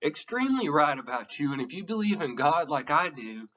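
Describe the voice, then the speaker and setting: A man's voice: fairly high pitch, very animated, a little fast, a bit bright, distant mic, highs cut off. A man giving an emotional, earnest classroom lecture, candid and sometimes swearing. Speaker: teacher.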